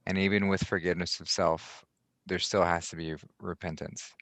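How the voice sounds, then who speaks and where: Male podcast host, very low gravelly voice, measured and reflective, dry sound. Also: flat delivery, no room sound. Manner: soft-spoken, halting, many restarts.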